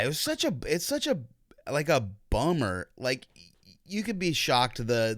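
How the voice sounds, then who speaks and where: A man's voice: mid-range voice, fairly bright tone, dry recording, clean studio sound. A man co-hosting a podcast in casual chat, swearing freely, sarcastic and rambling. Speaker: podcast co-host.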